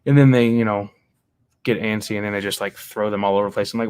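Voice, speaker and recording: A man's voice: on the low side, quick pace, clean tone, no echo. Rambling man chatting on a livestream. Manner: rambling, relaxed, many fillers and restarts. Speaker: livestream host. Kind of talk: casual chat reading viewer comments.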